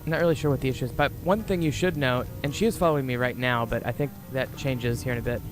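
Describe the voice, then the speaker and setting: A man's voice: medium pitch, quick pace. A man giving casual, rambling commentary on a video game he is playing, with lots of fillers. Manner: chatty, rambling, with frequent fillers. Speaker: let's player. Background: game music.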